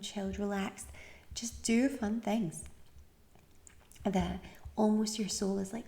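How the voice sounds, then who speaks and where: Podcast host, woman from the UK, tired, encouraging, slips into near-whispers, dark gravelly tone. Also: medium pitch, steady tone, slow pace, long pauses. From United Kingdom. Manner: chatty, encouraging, often drops to a soft breathy near-whisper. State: tired, yawning. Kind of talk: casual advice monologue.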